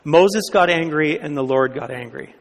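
A man's voice: a little high, normal speed, big-room sound. A man preaching a sermon as a pastor, talking conversationally and asking the congregation questions.

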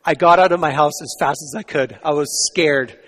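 A preacher voicing a gruff, hostile grown man, his voice pitched a little high and climbing louder as he grows agitated. Long reverb from a church hall surrounds it. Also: normal speed. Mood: frantic. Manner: retold quotes, loud and raised when agitated. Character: rough, hostile grown man turned believer.

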